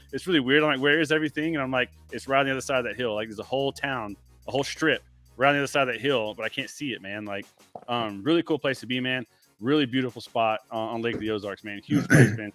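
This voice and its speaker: A man's voice: mid-range voice, fairly bright tone. A man talking as a guest on a casual livestream, laid-back and rambling, filling his talk with "like" and "man.". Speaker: guest, window tinter.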